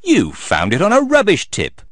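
A man playing a playful mother pig who teases, pitched above his own voice, in a storybook reading. The recording is dry and close. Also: huge pitch swings, normal speed, dry recording, full character voice. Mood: teasing.

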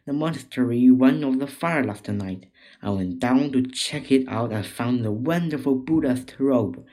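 A man voicing a boastful, greedy male bear spirit in a children's story reading, speaking slowly in his own warm tone. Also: medium pitch, lightly acted, poor audio. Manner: bragging.

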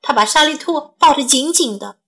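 A woman reading a bilingual children's bedtime story in a gentle, clear way, as if for young listeners. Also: sits high, expressive, a little fast, rough recording.

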